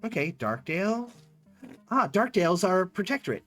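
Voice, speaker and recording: A man streaming a game live, reading text aloud and reacting in excited outbursts. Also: high-pitched, normal speed, faint music behind. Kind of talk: live gameplay commentary.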